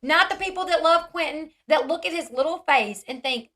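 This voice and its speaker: Woman vlog commentator, bright forceful tone, slightly high, blunt and sarcastic. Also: normal speed, hardly any pauses. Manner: blunt, sarcastic, mimics others mockingly. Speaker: commentary channel host.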